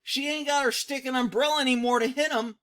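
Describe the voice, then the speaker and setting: Middle aged guy roasting a video, keeps cracking up laughing, super high bright voice. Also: fairly even intonation, fast talker. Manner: mocking, laughs constantly between phrases. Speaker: vlog host. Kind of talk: laughing commentary over a video clip.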